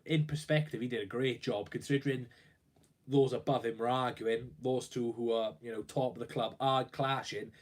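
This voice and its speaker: A man's voice: mid-range voice, darkish tone. A young man talking on his own live stream about his football club, rambling and worried, with plenty of fillers and restarts. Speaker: football fan livestreamer. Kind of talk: casual live-stream commentary.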